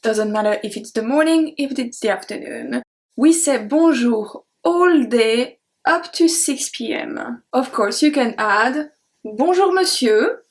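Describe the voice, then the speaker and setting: A woman's voice: on the high side, lively intonation, measured pace. A woman who speaks natively, teaching in a chatty way and repeating each word for practice. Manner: chatty, explains with examples and repeats words. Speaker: French teacher. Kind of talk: casual video lesson. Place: home in Canada.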